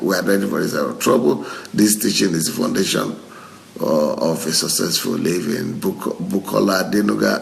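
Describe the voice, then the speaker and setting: On a livestream, a middle-aged pastor from Nigeria voices viewers' comments in a low voice with vocal fry. He keeps laughing and breaking out in excited exclamations.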